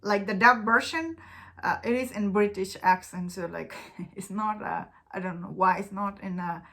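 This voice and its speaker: Bright, chatty woman reviewing a show. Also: mid-range voice, normal speed. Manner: chatty and enthusiastic, many fillers and restarts; loose, informal English phrasing. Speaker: movie reviewer. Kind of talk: casual spoken review.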